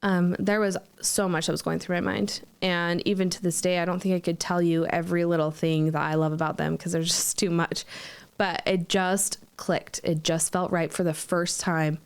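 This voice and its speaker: A woman's voice: on the low side, flat delivery, moderate pace, smooth. A woman hosting a podcast, telling a personal story in an earnest, emotional, reflective way. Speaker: podcast host.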